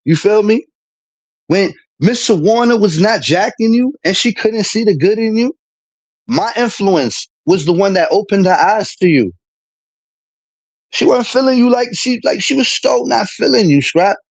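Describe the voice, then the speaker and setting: A man's voice: sits high, animated, unhurried, gravelly, no echo. A man streaming a casual, heated monologue, full of street slang and repetition as he vents about a friend.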